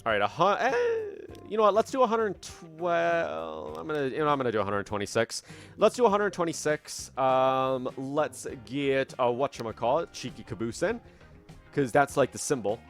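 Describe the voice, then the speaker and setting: A man's voice: mid-range voice, big pitch swings, normal speed. Chatty man talking over game music. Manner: chatty, self-mocking, thinking aloud with restarts. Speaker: gaming channel host. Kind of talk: casual gameplay commentary. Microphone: desk microphone at a computer.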